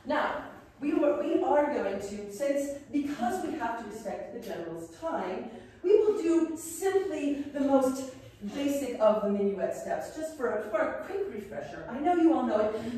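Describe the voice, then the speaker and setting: In a very echoey room with a faint hum, a distant camera records a costumed guide playing a colonial-style academy headmistress in a living-history lesson, staying in character. She walks the class through bows and dance steps, genteel and prim but playful. Her fairly high voice is a little mellow and swoops around a lot, sounding far from the mic.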